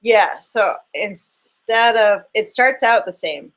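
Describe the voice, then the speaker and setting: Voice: medium pitch, lively intonation, takes it slowly, over loud music, poor audio. A fiddle teacher giving a casual online lesson into a computer microphone, thinking aloud and counting and humming rhythms.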